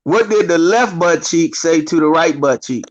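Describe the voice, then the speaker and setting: A man's voice: on the high side, normal speed, lo-fi sound. Man chatting insistently. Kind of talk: casual chat.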